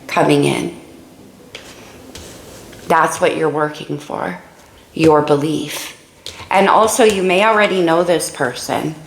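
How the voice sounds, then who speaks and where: A woman with a creaky morning voice doing a casual tarot reading, musing and exclaiming as she turns the cards. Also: low voice, reverberant, a little hiss or hum, rough recording. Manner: musing and exclamatory, thinking aloud over cards. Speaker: tarot reader.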